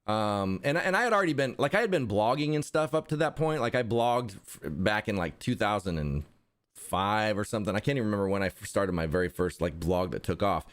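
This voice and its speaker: A man speaking as a guest in a casual interview, his voice pitched somewhat low. He rambles with halting restarts and a dry sense of humor. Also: animated, smooth. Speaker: interview guest, content creator. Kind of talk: casual conversation.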